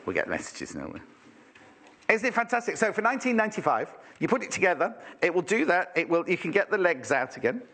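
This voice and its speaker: A man's voice: high voice, sing-song, fast, bright, forceful tone. A man presenting a live shopping channel in a chatty, teasing way, full of exclamations.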